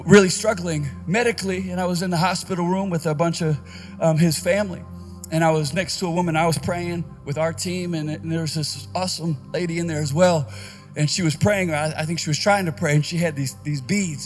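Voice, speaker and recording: High-voiced preacher, fast and fiery. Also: male voice. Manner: energetic preaching, rising to shouts. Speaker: pastor. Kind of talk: conference sermon. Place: conference stage.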